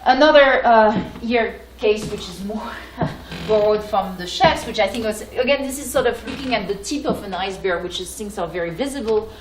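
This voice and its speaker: A French-accented woman gives a lecture in an echoey hall, with a faint hum of room noise behind her. She talks hesitantly, with many fillers and restarts, at an even middle pitch. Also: moderate pace, few pauses. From France. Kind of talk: academic lecture.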